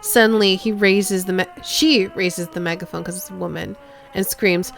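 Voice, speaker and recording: Bright-voiced woman streamer reading game text. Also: medium pitch, normal speed, gravelly, hardly any pauses, faint music behind. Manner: lively reading, casual side remarks.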